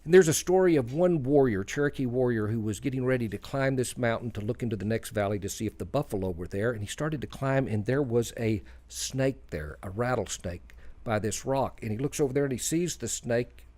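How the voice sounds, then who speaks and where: A man's voice: mid-range voice, fairly quick, few pauses, a little mellow. A man from Texas co-hosting a community radio show, telling folksy stories in a rambling, self-deprecating way with many fillers. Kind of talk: casual radio chat and storytelling.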